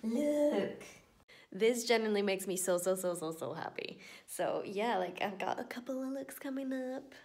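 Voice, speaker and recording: A woman's voice: medium pitch, lively intonation, normal speed, a little mellow. A tired woman chatting casually at home in a rambling vlog, giggling often and dropping into whispered asides. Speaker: vlogger. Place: at home indoors.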